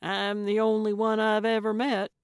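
Feisty, self-assured older female sleuth, voiced by a woman, brash and loud. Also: medium pitch, little pitch movement, moderate pace, clear, resonant tone, no room sound, clean studio sound, close to an everyday voice.

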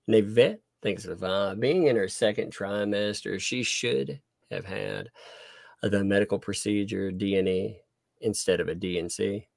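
A man's voice: lowish voice, animated, a little slow, vocal fry, no room sound. A man with a Southern American accent co-hosting a live stream, reading out viewer tips and chuckling often. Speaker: livestream co-host. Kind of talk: casual live-stream chat.

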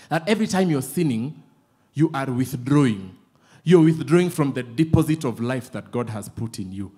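A man with a Kenyan accent preaching a sermon, telling lively, playful stories and switching often between English and Swahili. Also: medium pitch, brisk. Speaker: pastor.

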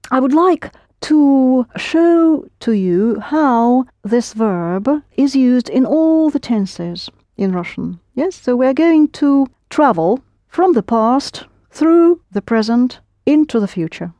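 A woman's voice: sits high, animated, slow pace, dark tone, dry recording. A woman teaching a language lesson, explaining patiently step by step and prompting her students.

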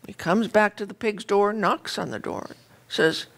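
A woman's voice: mid-range voice, unhurried, vocal fry. Woman minister telling a story. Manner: conversational, animated storytelling. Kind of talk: sermon with storytelling.

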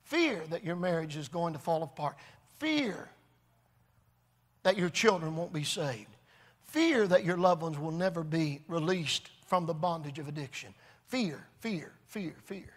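A man preaching a revival sermon, earnest and repetitive, building to shouts. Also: fairly high pitch, lively intonation, unhurried, long pauses. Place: large church hall. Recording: long hall reverb.

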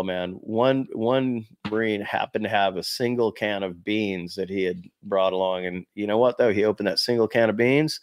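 A man in his fifties from the United States, a former Marine, tells stories to the camera in a relaxed, rambling way, filling gaps with "you know". His voice sits low, and the recording is close and dry, with no room sound. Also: no room sound. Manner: animated anecdotes, fillers like "you know". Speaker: former Marine sniper telling war stories. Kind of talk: casual storytelling to camera. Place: small room before a green screen.

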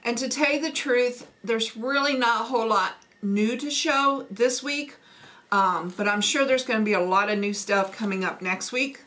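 A woman's voice: fairly high pitch, moderate pace, bright, forceful tone. A woman with a Missouri Midwestern accent, hosting a homesteading vlog in a chatty, folksy manner. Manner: chatty, folksy, with fillers and laughs. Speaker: homesteading channel host. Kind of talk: casual accent-challenge vlog.

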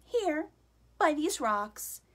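A woman voicing a small, clever brown mouse who talks with brisk assurance. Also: sits high, sing-song, voice pushed up, exaggerated voice. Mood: sly.

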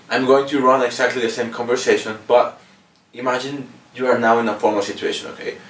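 A man with a Mexican accent giving a patient, casual video lesson, often checking in with "okay?". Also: medium pitch. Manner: patient, ends phrases with "okay?". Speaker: language teacher. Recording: roomy echo, mic at a distance.

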